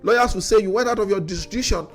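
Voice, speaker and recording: A man's voice: high voice, very fast, soft background music. A Nigerian man with a Nigerian English accent giving an opinion monologue, grilling an official with rhetorical questions and stumbling over repeated words. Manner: critical, addressing an official directly with rhetorical questions; repeats words when worked up. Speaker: commentator.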